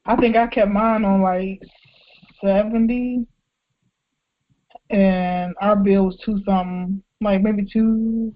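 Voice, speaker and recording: A woman co-hosting a podcast in casual chat, outspoken and animated, laughing often. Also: mid-range voice, takes it slowly, pauses often, highs cut off. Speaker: podcast co-host.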